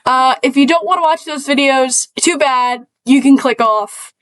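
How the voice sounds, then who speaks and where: A woman's voice: high-pitched, unhurried, fairly bright tone, no room sound, poor audio. A woman from the northern United States, streaming casual reaction commentary, rambling and self-deprecating with lots of fillers and trailing asides.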